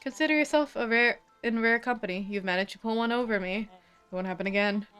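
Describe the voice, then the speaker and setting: A woman voicing a cold, condescending male villain who speaks in measured threats. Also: on the high side, fairly bright tone, clear, resonant tone, soft background music, natural voice. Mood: icy contempt. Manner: icy, condescending, drawn-out threats. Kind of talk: game dialogue read aloud.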